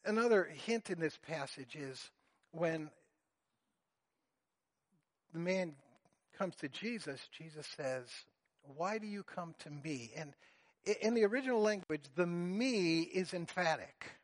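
A man preaching a sermon, earnest and deliberate, explaining a Bible passage to his congregation. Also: a little high, expressive. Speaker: pastor.

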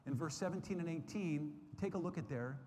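A man's voice: on the high side, fairly quick, darkish tone. Earnest man teaching in a roomy hall. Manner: earnest, repeats phrases, many fillers and restarts. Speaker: Sunday school teacher. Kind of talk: Bible teaching. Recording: roomy hall with faint background noise.

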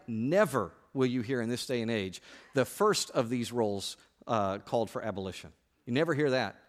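A male pastor preaching a sermon from the pulpit. He speaks with firm emphasis, repeating words and restarting phrases as he drives his points home. His voice sits in a middle pitch range.

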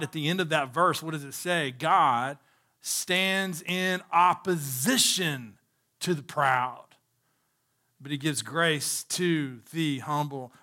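A man's voice: on the high side, sharp tone. A man preaching a sermon as pastor, emphatic and asking the congregation rhetorical questions.

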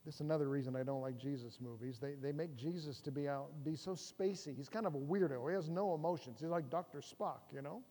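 High-voiced man preaching in a reverberant hall. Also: fast, hardly any pauses, dark tone. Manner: conversational preaching with humor and rhetorical questions. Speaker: pastor. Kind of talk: sermon.

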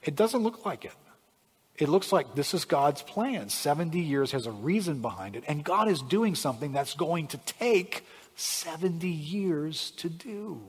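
A man's voice: fairly high pitch, lively intonation, measured pace, slightly rough. Man preaching with dramatic swings in volume. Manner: dramatic swings from hushed to shouting. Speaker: pastor. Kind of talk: sermon. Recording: long hall reverb.

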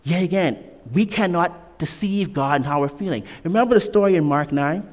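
A man's voice: a little high, normal speed. A man preaching a sermon in an emphatic way. He repeats key lines and drops in casual asides. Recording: long reverb of a large hall.

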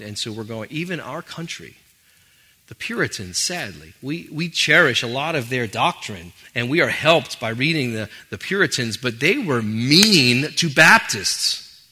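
A man preaching a sermon as pastor, conversational with animated asides. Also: medium pitch.

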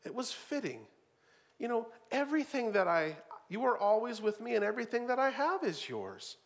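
A preacher man with a fairly high voice that leaps up and down. He delivers his sermon with animation, punching key words loudly and then dropping low for asides. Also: moderate pace, creaky. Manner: animated, shifts from loud emphasis to low asides, repeats words.

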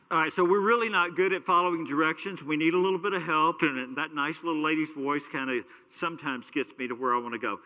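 A man's voice: fairly high pitch, fast talker, hardly any pauses, pushed and bright. A man preaching as a pastor, teaching in a loose, conversational way with stories and frequent fillers. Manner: conversational, storytelling, many fillers. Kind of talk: casual sermon teaching. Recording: long hall reverb.

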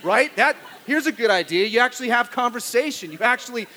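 High bright-voiced preaching man. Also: lively intonation, brisk, big-room sound. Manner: conversational preaching with frequent rhetorical "right?". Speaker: pastor. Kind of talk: sermon.

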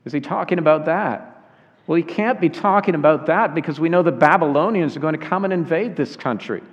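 Earnest preacher in a reverberant hall. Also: male voice, on the high side. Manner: earnest, emphatic preaching with slow, weighted phrases. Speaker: pastor. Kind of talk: sermon. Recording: dull sound with long hall reverb.

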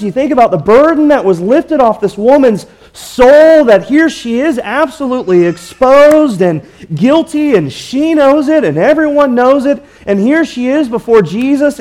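A man's voice: very high voice, a little mellow. A man preaching a sermon, earnest, asking rhetorical questions and drawing out key words for emphasis. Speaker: pastor.

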